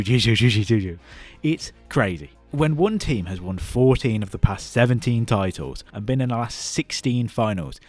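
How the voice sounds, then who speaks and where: A man's voice: fairly low pitch, dry recording. A young British man giving blunt, sarcastic, opinionated commentary on a close, dry mic. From United Kingdom. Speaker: esports commentator.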